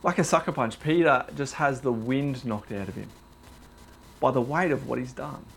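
A young man preaching a sermon, telling the story with animated, dramatized delivery. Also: medium pitch, normal speed, creaky, slight background noise.

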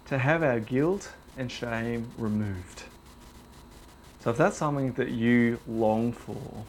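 A young man preaching a sermon, telling the story with animated, dramatized delivery. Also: mid-range voice, breathy edge.

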